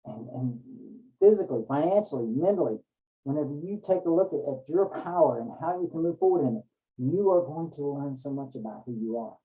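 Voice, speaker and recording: A man's voice: a little high, expressive, brisk, warm tone, poor audio. A man giving an earnest motivational talk, often restarting his phrases as he goes. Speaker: motivational speaker.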